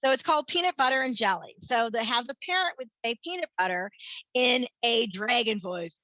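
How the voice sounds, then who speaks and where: Woman, family therapist, workshop presentation, bright voice, earnest explaining, frequent restarts, dry sound. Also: a little high, expressive, brisk, no echo, low-quality recording. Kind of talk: conference workshop talk.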